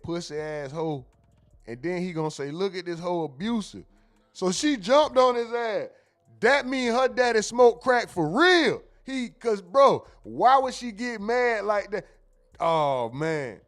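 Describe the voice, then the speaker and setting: A man's voice: high-pitched, fairly bright tone. A man hosting a show, casually commenting on viral clips, often laughing and mimicking what he hears. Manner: laughing, joking, mimics clip lines. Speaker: show host reacting to clips.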